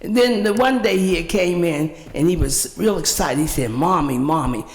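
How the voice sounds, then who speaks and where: A woman's voice: on the low side, normal speed, darkish tone, long reverb tail. An older woman giving an emotional public comment at a city council meeting, telling a personal story. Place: council chamber.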